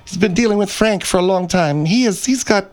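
A man voicing a cranky, bossy woman with laryngitis, husky and hoarse, who talks in a demanding, snappish way. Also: high voice, brisk, voice pushed up, natural voice. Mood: hoarse, irritable. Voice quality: husky, thick voice. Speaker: radio show co-host. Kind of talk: comedy radio character.

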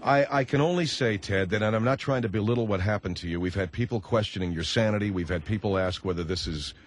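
Deadpan, halting man hosting radio. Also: on the low side, a little hiss or hum. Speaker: radio talk show host. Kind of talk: radio comedy talk.

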